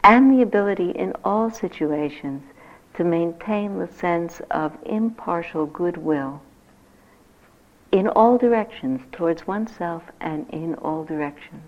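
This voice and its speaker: Older woman meditation teacher, fairly low voice, gentle reflective delivery, dull lo-fi recording. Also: unhurried. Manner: gentle reflective teaching, lively when telling stories. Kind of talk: dharma talk.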